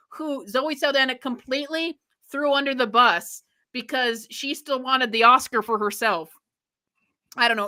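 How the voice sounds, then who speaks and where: Bright, opinionated young woman streamer. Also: a little high. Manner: opinionated, rambling, frequent restarts. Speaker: live stream host. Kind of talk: live reaction commentary.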